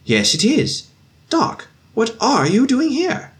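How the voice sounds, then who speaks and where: A man reading a story voices a cheerful young infantry officer who calls out eagerly and warmly. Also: medium pitch, lively intonation, unhurried, voice pushed up, close to an everyday voice. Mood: surprised, hailing.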